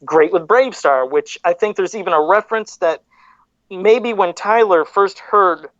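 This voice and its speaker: A man's voice: high-pitched, moderate pace, a bit bright, no echo. A male podcast host talking casually and wandering into side rants, often stopping to correct himself. His voice comes through slightly dull and muffled. The room sounds completely dry.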